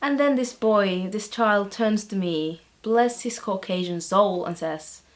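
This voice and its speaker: A woman's voice: mid-range voice, slow pace, natural voice. A young woman playing a chatty teenage girl tutor who recounts her week with wry amusement, with fillers along the way. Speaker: vlogger. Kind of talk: scripted vlog-style monologue.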